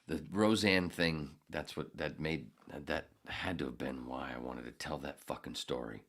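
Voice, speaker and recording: A man hosting a podcast who rants angrily and sarcastically, swearing heavily and swinging from mutters to shouts. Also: a bass voice, a little slow. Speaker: podcast host. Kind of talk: ranting monologue.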